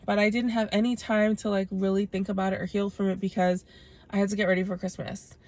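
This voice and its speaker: A woman's voice: mid-range voice, creaky, no room sound. A young woman vlogger telling a long personal story in a chatty, casual way, full of "like" fillers.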